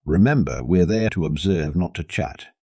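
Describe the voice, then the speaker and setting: A man with a very deep voice voicing a weary, patient human man teaching a group of aliens in an audio story. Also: lively intonation, moderate pace, warm tone, dry recording, clean studio sound. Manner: patient, long-suffering.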